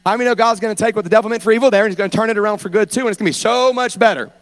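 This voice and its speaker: A man preaching a sermon, telling stories in a rambling, animated way that rises to fervent preaching. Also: sits high, very fast. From North Louisiana. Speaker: pastor and hospice chaplain.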